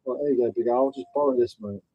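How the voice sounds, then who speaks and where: A man's voice: mid-range voice, quick pace, dry recording, lo-fi sound. A man and reseller streamer rambling casually, bantering with viewers and swearing as he sorts his listings. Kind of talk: casual live-stream chat.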